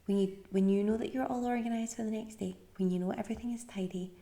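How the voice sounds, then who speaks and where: Podcast host, woman from the UK, tired, encouraging, slips into near-whispers, dark gravelly tone. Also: mid-range voice, fairly even intonation, fast talker, hardly any pauses. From United Kingdom. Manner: chatty, encouraging, often drops to a soft breathy near-whisper. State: tired, yawning. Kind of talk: casual advice monologue.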